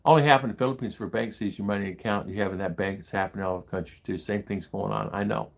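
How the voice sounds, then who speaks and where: Gravelly older American man ranting. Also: lowish voice, steady tone, rapid-fire. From United States. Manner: rambling, grows heated and indignant. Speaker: livestream host reading chat. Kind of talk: casual livestream chat. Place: home in the Philippines.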